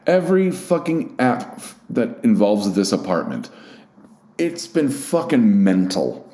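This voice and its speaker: A man's voice: lowish voice, a little mellow. Rambling, profane man. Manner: rambling, profane, self-deprecating. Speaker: podcast host. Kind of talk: casual solo chat. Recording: roomy echo.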